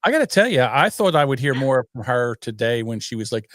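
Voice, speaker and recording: An older man co-hosting a podcast, teasing and animated in crude banter. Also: medium pitch, brisk, few pauses, dry recording, studio quality. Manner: animated, teasing, does mocking voices. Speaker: podcast co-host. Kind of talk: crude casual political banter.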